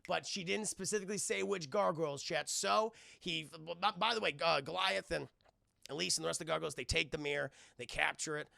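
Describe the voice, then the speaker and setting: A man's voice: a little high, brisk, gravelly, pushed and bright, dry recording, studio quality. A man recapping a cartoon episode to his live chat, rambling, swearing a lot and speaking animatedly. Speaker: cartoon reviewer and streamer.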